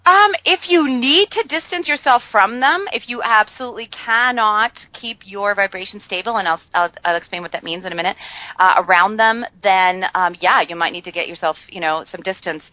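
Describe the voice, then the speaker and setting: A woman's voice: medium pitch, a little fast, pushed and bright, no room sound, poor audio. A woman guest on a podcast, explaining ideas in a chatty way with frequent fillers and playful humor. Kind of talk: casual podcast conversation.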